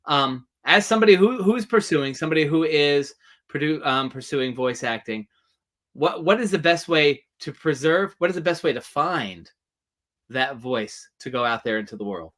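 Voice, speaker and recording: A man's voice: on the high side, expressive, normal speed, fairly bright tone. A man hosting a live-stream interview over a video call, eagerly reading out viewer questions with rambling lead-ins. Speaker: host.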